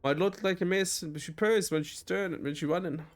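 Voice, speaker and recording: Gruff woman salvager with a shaky put-on accent, a German-accented man raising his voice for her. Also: high-pitched, moderate pace, close to an everyday voice. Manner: clumsy, wandering put-on accent. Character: gruff woman salvager who owns the rig.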